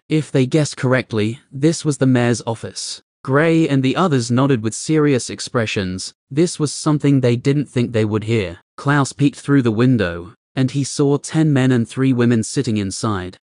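A man narrating a fantasy light novel audiobook in a steady, even reading voice. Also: mid-range voice, no echo, studio quality. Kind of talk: scripted narration.

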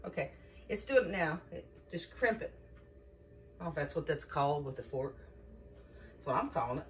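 A woman's voice: low-pitched, animated, fairly quick. A woman gives a chatty, folksy home-cooking demonstration in her kitchen and talks to viewers as y'all. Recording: distant mic with faint background noise.

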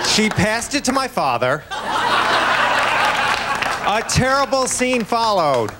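A man doing stand-up comedy, his voice pitched high and swinging widely as he delivers punchy jokes. Loud audience laughter and crowd noise surround him on a TV comedy stage. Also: slow pace, long pauses. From Buffalo, New York. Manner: lively, punchy delivery with voiced impressions of family. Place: comedy club stage on a TV show with a live audience.

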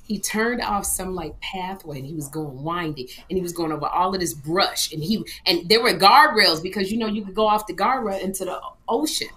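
A woman's voice: lowish voice, fairly quick, few pauses, sharp tone. A middle-aged woman co-hosting a comedy livestream, telling a story with dramatic flair. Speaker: comedy show co-host. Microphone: livestream microphone.

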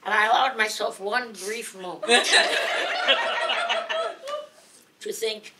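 A woman telling a humorous story live at a gathering, dramatic and lively, laughing along as she goes. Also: medium pitch, moderate pace, very noisy. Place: gathering of singers, indoors.

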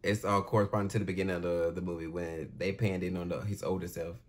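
A man giving casual, expressive commentary as he reacts out loud to a war movie. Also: low-pitched, fast talker, over loud music. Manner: expressive, talks back at the screen. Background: war film soundtrack playing.

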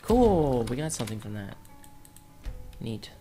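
A man's voice: mid-range voice, very animated, unhurried, mellow. Rambling young man playing a game. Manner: rambling, joking, talks to game characters. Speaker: gaming YouTuber. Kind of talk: let's play commentary. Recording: game music behind the voice.

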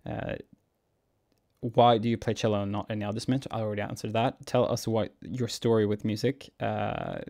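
Low gravelly man, relaxed. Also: brisk. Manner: relaxed, musing, chuckles often, reads viewer questions aloud. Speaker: cellist and YouTuber. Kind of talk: casual Q&A vlog.

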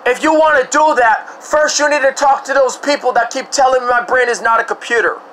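A man's voice: very high-pitched, fairly quick, fairly bright tone, a little hiss or hum, low-quality recording. A man in an angry rant, swearing heavily and stumbling over repeated restarts. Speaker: vlogger. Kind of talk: angry ranting to camera.

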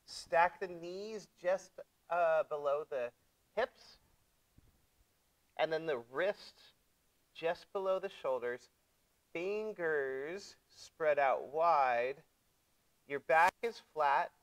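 A male yoga teacher guides his class through breathing and poses with gentle, step-by-step cues. He talks very slowly, with a voice that sits a little high for a man, and keeps things playful for his young students. The sound is dry and close. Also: no room sound, low-quality recording.

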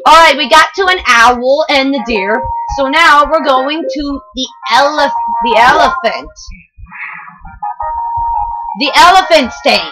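High-pitched young girl rambling over gameplay. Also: measured pace, few pauses, over music, rough recording. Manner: rambling, lots of fillers. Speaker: gamer. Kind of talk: let's play commentary.

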